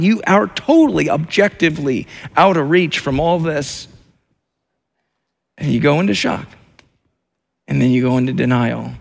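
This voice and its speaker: Male pastor, gravelly voice, preaches a sermon in emphatic, repeating phrases. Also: on the high side, lively intonation, a little slow, pauses often. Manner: repetitive, emphatic preaching with many restarts.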